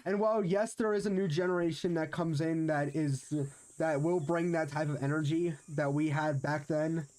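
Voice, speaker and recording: A man's voice: fairly high pitch, fairly even intonation, moderate pace, a little mellow. A young man streaming a game, chatting casually and rambling with many restarts. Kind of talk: casual chat while gaming.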